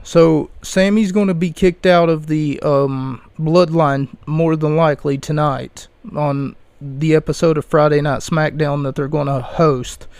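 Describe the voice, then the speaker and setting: Sarcastic gravelly man ranting on a podcast. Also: fairly high pitch, steady tone, unhurried, few pauses, a little mellow, no room sound. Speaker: podcast host.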